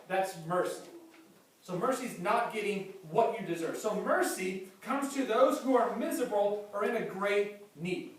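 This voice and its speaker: A man preaches in a high, lively voice, slipping into playful acted-out quotes. He is picked up from a distance in a church hall with a heavy echo. A faint hiss of noise sits under him. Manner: animated, acts out quotes with humor. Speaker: pastor. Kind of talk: sermon.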